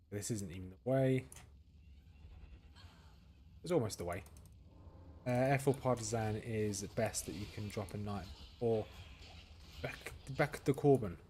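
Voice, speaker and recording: A man's voice: lowish voice, warm tone, slight background noise. A man giving casual commentary as he plays a game, thinking aloud and answering viewers' questions. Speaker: gaming streamer.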